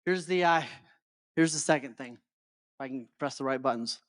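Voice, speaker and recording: A man's voice: medium pitch, normal speed, no room sound, clean studio sound. A middle-aged man giving a motivational talk to a live audience as a life coach. He keeps checking in with his listeners and often stumbles over and repeats his words.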